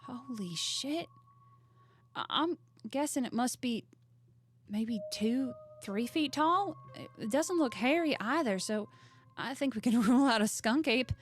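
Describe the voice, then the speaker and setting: A woman voicing an excitable young woman who hunts cryptids and films them. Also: a little high, measured pace, soft background music. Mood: excited.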